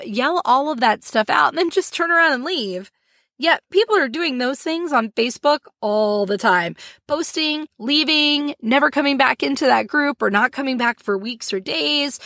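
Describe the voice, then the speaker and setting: A woman hosting a solo podcast, talking in an animated way with frequent laughs and acted-out little scenes. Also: high voice, no echo, studio quality. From Florida, US. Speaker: podcast host.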